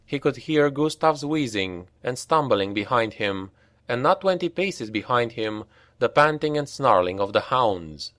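A man narrating a dark fantasy audiobook in a grave, unhurried storytelling voice, on a close mic. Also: mid-range voice, lively intonation, no echo. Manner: unhurried, grave storytelling that lifts for shouted dialogue.

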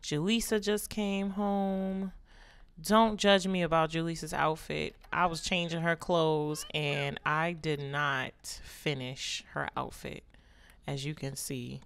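A woman's voice: low voice, little pitch movement, takes it slowly, fairly bright tone, smooth. A woman hosting a life-simulation let's play, giving a sassy, joking running commentary on what the characters do. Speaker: gaming channel host.

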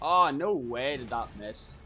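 Bright lively guy narrating his pvp duels, slow talker, lots of laughs and swearing. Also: medium pitch, a little hiss or hum. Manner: excitable, laughs often, swears casually. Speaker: gaming YouTuber. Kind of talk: live gameplay commentary.

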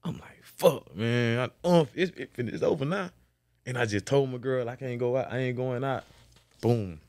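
A man's voice: normal speed, dry recording. Profane storyteller man. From Florida. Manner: profane, animated storytelling, repeats "boom" as a beat. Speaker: guest, former football player. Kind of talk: casual storytelling interview.

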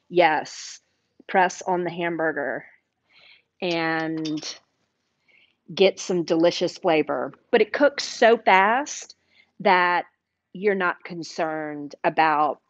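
Slow-talking Southern woman hosting a cooking stream. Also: lowish voice, no echo, muffled recording. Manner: chatty, enthusiastic, talks with mouth full. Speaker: cooking show host. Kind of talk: live cooking stream chat. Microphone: sits with a microphone.

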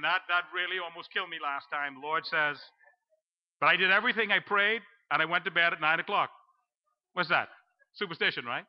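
A man preaching a storytelling sermon in church, acting out his own panic and dropping to a low hush for the voice of God. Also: a little fast. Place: church sanctuary. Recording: dull lo-fi live stream.

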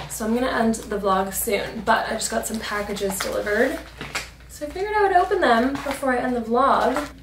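A young woman in her twenties chatting casually and upbeat in a lifestyle vlog, full of fillers. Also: on the high side. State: out of breath. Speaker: lifestyle vlogger. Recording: echoey, distant from the mic, with background noise.

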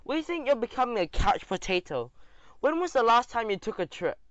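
A man's voice: very high voice, very animated, brisk, a bit bright, dry recording, pitched above the performer's own voice, full character voice. A man voicing a bossy female mouse who teases her brother. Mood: teasing. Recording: dull dry audio.

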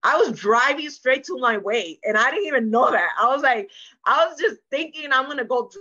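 Bright-voiced woman telling her story earnestly. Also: high voice, animated, normal speed, highs cut off. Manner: earnest, emotional storytelling, acting out quoted dialogue. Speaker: interview guest. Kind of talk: candid sit-down podcast conversation.

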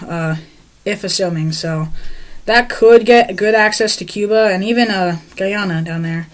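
A woman's voice: medium pitch, a little slow, rough recording. Woman rambling through game commentary. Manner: rambling and unsure, many fillers and self-corrections. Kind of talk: casual map-game commentary. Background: loud background music.

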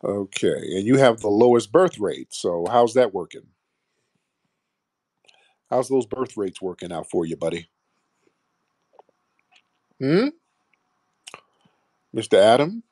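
A man's voice: on the low side, sing-song, takes it slowly, pauses often, a little mellow, dry recording. A man hosting a call-in show, sarcastic and combative, trading insults with callers and calling them sir.

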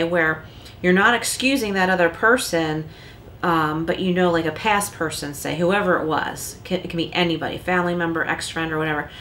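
This tarot card reader is a woman whose low voice has a fairly bright tone, with a little hiss or hum in the recording. Her reading is casual and chatty, packed with "likes" and rhetorical "rights," and now and then she acts out short quoted lines.

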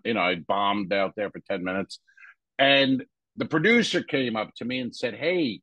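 A stand-up comedian co-hosting a podcast, telling a rambling backstage anecdote full of crude jokes. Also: male voice, mid-range voice, fairly bright tone, dry recording, low-quality recording. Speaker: podcast co-host. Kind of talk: casual storytelling.

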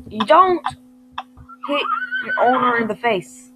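Woman, high lively voice, slow drawn-out talk, casual game commentary, noisy background. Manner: playful, scolding the game character. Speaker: gamer commenting on play. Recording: noisy home recording.

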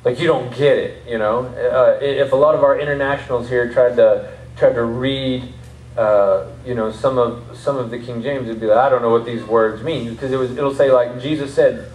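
A man's voice: medium pitch, fairly even intonation, moderate pace, darkish tone, a little hiss or hum. A man with a Southern accent preaching a conversational sermon as pastor, with laughing asides. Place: church service in a rented martial arts academy space. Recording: roomy hall audio from a distance.

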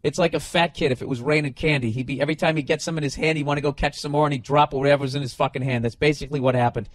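Talking at a racing clip in a voice on the high side, a middle-aged podcast host spins loose, animated stories and casual rants. He swears constantly and restarts his thoughts often, with no echo in the recording.

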